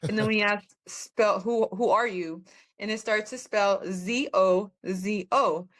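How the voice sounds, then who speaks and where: A woman's voice: medium pitch, a little slow, a bit bright. A woman guest on a podcast, telling a personal testimony in a candid, plainspoken way.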